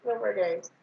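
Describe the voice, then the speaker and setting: A woman's voice: medium pitch, creaky, sharp tone. A young woman in casual chat with her ex, nervous and rambling, often trailing off. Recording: distant roomy muffled mic with faint hiss.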